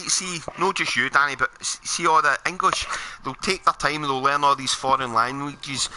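A man's voice: medium pitch, pushed and bright, a little hiss or hum. A Scottish man streaming a game, chatting casually and giving his opinions with plenty of swearing. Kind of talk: casual chat while gaming.

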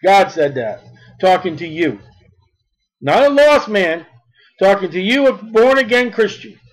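A man with a very high voice delivers a sermon. He reads verses slowly and deliberately, then presses his points with emphasis. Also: very animated, rough recording. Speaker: preacher.

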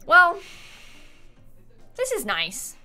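A woman's voice: very high-pitched, huge pitch swings, extremely slow, pushed and bright. A young woman streaming a life-sim game, chatting casually and playfully, often laughing and scolding her game characters. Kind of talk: casual live-stream chat. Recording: faint background game music.

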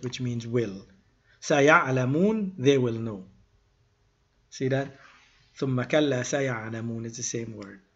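Husky man teaching grammar, lo-fi. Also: mid-range voice. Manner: reads verses quickly, then explains slowly with pauses and self-corrections. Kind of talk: informal grammar lesson.

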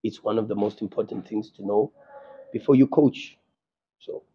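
South African man, football coach, press conference, impassioned, stammering restarts, husky voice, muffled sound. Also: fairly low pitch, moderate pace. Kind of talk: post-match press conference.

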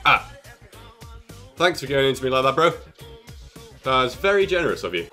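A young man with an excitable, jokey manner, commentating on his own gameplay and exclaiming often. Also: mid-range voice, moderate pace, pauses often, faint music behind. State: out of breath. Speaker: gaming YouTuber.

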